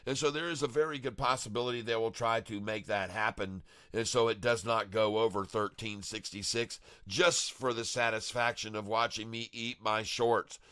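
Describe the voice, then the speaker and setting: A man's voice: lowish voice, steady tone, normal speed, hardly any pauses, clean tone, no echo, studio quality. A man hosting a live day-trading stream, chatting in a rambling, showy way and hyping his viewers. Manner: chatty and showy, chuckles often, hypes viewers as "ladies and gentlemen". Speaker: livestream day-trading host.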